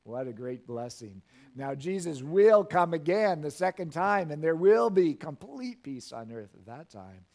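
A man's voice: on the high side, very animated, unhurried, a little mellow. A middle-aged male pastor preaching a sermon in a church, reading scripture and making folksy asides with frequent chuckles.

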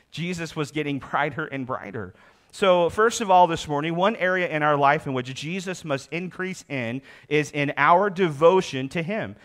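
A man's voice: on the high side, fairly bright tone. A man preaching a sermon as pastor, reading scripture aloud and explaining it with emphatic repetition.

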